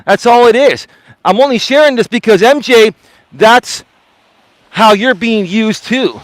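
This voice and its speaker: Indignant high-voiced man lecturing. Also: measured pace, no echo. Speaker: life coach streamer. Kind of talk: live walking stream monologue. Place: outdoors walking.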